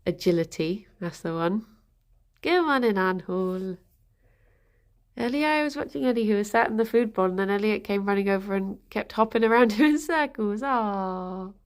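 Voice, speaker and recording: A woman's voice: medium pitch, expressive, moderate pace, clear, resonant tone. A woman streamer chatting casually on a livestream, answering her chat and cooing to her pet rabbits.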